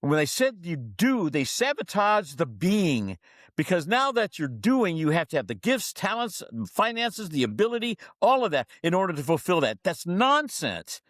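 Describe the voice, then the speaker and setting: A male leadership coach telling stories on a podcast, his slightly high voice swooping up and down as he acts out the people he talks about. The delivery is emphatic and preacher-like. The sound is close and dry, with no room in it. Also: very animated, normal speed, fairly bright tone, no room sound. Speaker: leadership coach and speaker for dentists. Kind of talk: storytelling in a podcast interview.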